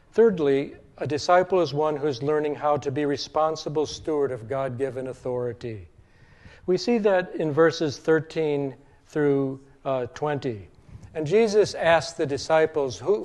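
A man with a slightly high voice delivers a sermon as a preacher. He talks in a measured teaching tone and slows down to give weight to the verses he quotes. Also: a little mellow. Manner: measured teaching tone with slow emphatic scripture quotes.

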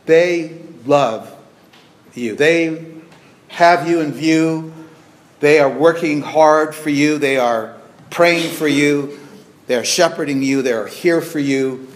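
A man preaching a sermon as pastor in a church, earnest and halting, with frequent restarts and fillers. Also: on the high side.

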